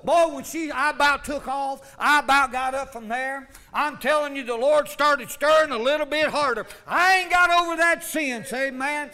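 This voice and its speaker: A man preaching a fervent sermon, swinging from loud calls to low asides. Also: normal speed, hardly any pauses. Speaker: pastor.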